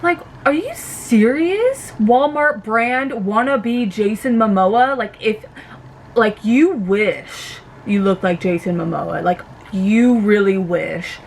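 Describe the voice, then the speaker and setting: A young woman vlogger ranting casually about a reality show, animated and swearing freely. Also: medium pitch, slow, slight background noise.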